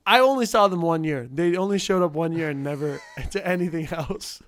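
A man's voice: a little high, a little fast. A young man co-hosting a casual chat, rambling and laughing as he tells stories.

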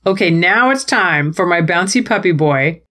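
A woman's voice: fairly low pitch, expressive, moderate pace, a bit bright. A woman co-hosting a podcast, recapping wrestling matches in a playful, jokey way with goofy quoted voices. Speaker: podcast co-host. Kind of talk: casual wrestling recap chat.

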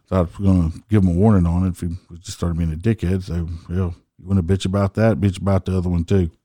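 A man's voice: sits low, level tone, quick pace, dark tone, no echo, clean studio sound. A middle-aged man, a motorcycle cop telling stories bluntly and profanely in a folksy, casual way. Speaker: motorcycle police officer, podcast host. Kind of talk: casual storytelling.

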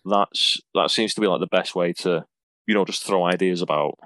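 A man chats loosely as a podcast guest, full of ums and self-deprecating asides. His voice sits very low, and the sound is dry and close. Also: normal speed, a bit bright, no echo. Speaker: wrestler guest. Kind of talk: casual podcast interview.

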